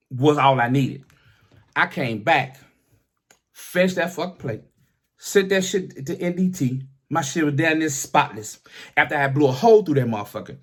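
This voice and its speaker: A middle-aged man, a comedian, telling a personal story in a profane, animated way, often restarting his sentences. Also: medium pitch. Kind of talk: casual storytelling.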